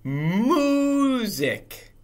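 A man voicing a storybook cow, mooing in swoops from very high to low. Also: huge pitch swings, extremely slow, a little mellow, a little hiss or hum, exaggerated voice. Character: mooing cow of every size.

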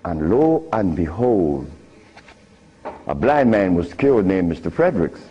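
An older man giving a talk, telling stories with frequent laughter and big swings in pitch. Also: very animated, a little slow, dark tone, slight background noise. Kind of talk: animated storytelling lecture. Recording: muffled lo-fi recording.

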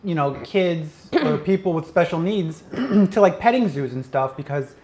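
A man's voice: a little high, expressive, moderate pace, a little mellow. A man co-hosting a homestead show, chatting casually with dry, matter-of-fact remarks. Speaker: co-host. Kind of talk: casual chat.

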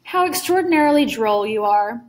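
A woman voicing a suave, cruel older male aristocrat hunter in a storybook reading, smooth, genteel and mocking. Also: fairly high pitch, lively intonation, moderate pace, close to an everyday voice, poor audio. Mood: condescending.

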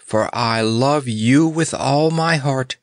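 A man's voice: medium pitch, big pitch swings, unhurried, fairly bright tone, no room sound, pitched above the performer's own voice. A man voicing a cheerful, boastful winged male creature who speaks in a chirpy, doting way.

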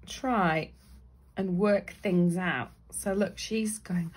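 A woman's voice: on the low side, expressive, measured pace, a little mellow, slightly rough. A woman with a Northern English accent who talks through a drawing tutorial in a chatty way, thinking aloud as she sketches. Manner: chatty, thinks aloud, briefly voices her drawn characters. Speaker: illustrator teaching drawing.

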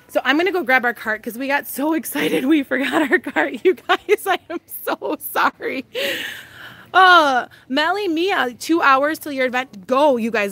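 A woman in her thirties live-streams while walking through a big store, bubbly, laughing often, and a little breathless. Her voice sits high, bright and forceful, in a casual chatty style.

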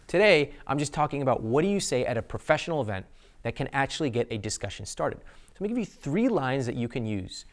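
A man hosting an instructional talk to camera in a studio, speaking expressively and deliberately slowing his delivery to make points. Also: mid-range voice, very animated. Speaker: host.

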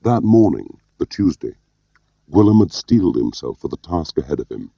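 A man narrating an audiobook in a measured, understated way. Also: rumbling low, sing-song, vocal fry, warm tone, no room sound. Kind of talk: scripted narration. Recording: dull lo-fi audio.

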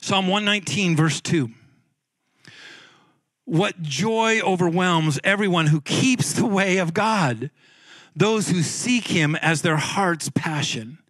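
A male pastor preaches in a relaxed, conversational way, often doubling back on his words. His voice sits a little high for a man. The sound is dry and close, with little room around it. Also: takes it slowly, dry recording. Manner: conversational preaching with frequent repeated words and restarts. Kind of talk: sermon. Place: church sanctuary.

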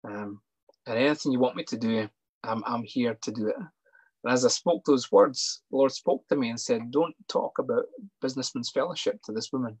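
Earnest, husky-voiced man. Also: mid-range voice, no echo, poor audio. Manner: earnest, halting with many fillers and restarts. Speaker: sports psychologist. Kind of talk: personal testimony.

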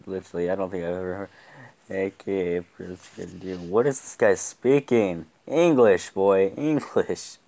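A young man giving live gameplay commentary, excitable, often laughing and yelling at the game. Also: low voice, normal speed. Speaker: gaming YouTuber.

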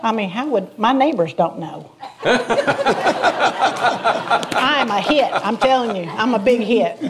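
A gossipy country church lady, acted by a woman, rattles off teasing stories. Her voice sits at a middling pitch. She chatters on with comic confidence. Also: expressive, background noise, lightly acted. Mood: chatty. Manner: chatty, teasing, quick to laugh at her own jokes. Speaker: comedy character visiting a diner show. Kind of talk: comic banter on a talk show.

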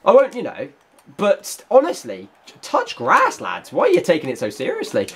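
Excitable young man commentating gameplay. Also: a little high, brisk, slightly rough. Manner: excitable, banters at opponents, bursts into shouts and laughter. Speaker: gaming YouTuber.

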